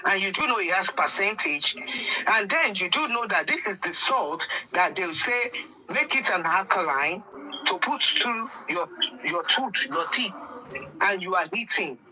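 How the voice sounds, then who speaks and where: Insistent Nigerian woman with a sharp voice. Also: medium pitch, lively intonation, poor audio. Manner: insistent, probing questioner, deliberate and emphatic. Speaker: panelist. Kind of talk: heated panel debate.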